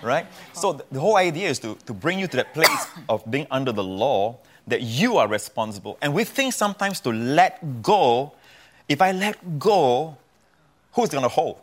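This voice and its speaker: A man's voice: fairly high pitch, big pitch swings, moderate pace, a bit bright, slight background noise. A man teaching from the Bible as a guest on a talk show, earnest and repeating phrases for emphasis. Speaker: guest preacher.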